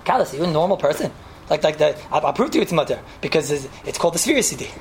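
A man's voice: a little high, big pitch swings, racing, noisy background. A man giving a casual, rambling Torah talk, telling a story and sprinkling his speech with Hebrew and Yiddish terms.

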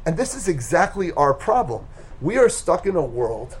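A man teaching a Torah class, retelling a story with animated, emphatic delivery. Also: fairly high pitch, moderate pace, husky.

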